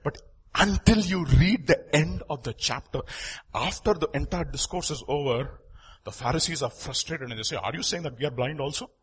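A man preaching a sermon, moving between loud emphatic lines and quiet asides. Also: fairly high pitch, normal speed, slightly rough. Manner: animated, swings from loud emphatic lines to quiet asides, acts out quoted voices.

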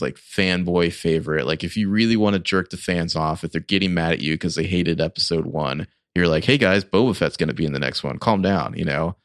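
Forties guy, deep voice, rambly podcast chat w lots of likes, dry sound. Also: smooth, dry recording. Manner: rambling, filler-heavy fan critique. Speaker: podcast co-host. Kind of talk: casual chat.

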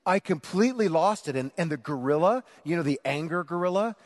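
A middle-aged man preaching a sermon, telling a story about himself in an animated, self-mocking way and acting out the shouting. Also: a little high, a little fast. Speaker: pastor.

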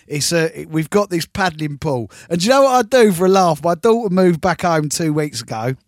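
A man's voice: on the high side, no echo, clean studio sound. A middle-aged man, chatting between records as a radio DJ, rambling and enthusiastic, repeating words for emphasis. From England.

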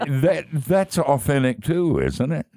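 A man's voice: a little high, huge pitch swings, takes it slowly, dark tone, dry recording. A man hosting a talk show, folksy and joking, with enthusiastic reactions. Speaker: host. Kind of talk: casual chat.

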